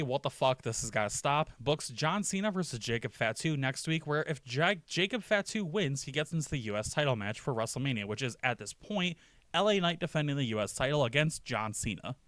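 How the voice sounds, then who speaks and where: Male commentator, casual and foul-mouthed, mid-pitched, dry close sound. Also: a bit bright, no echo. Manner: profane, jokey, acts out brief quotes. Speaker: wrestling commentator.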